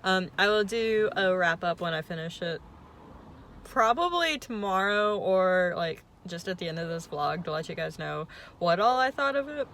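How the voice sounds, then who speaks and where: A woman's voice: lowish voice, lively intonation, normal speed, fairly bright tone, a little hiss or hum. A young woman vlogging casually about her reading week, chatty and self-deprecating, swearing now and then. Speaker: book vlogger. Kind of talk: casual vlog chat.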